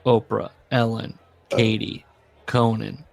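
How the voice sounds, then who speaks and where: A man's voice: lowish voice, steady tone, slow, creaky. A man co-hosting a podcast, casually reading book passages aloud with sarcastic commentary. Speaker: podcast co-host.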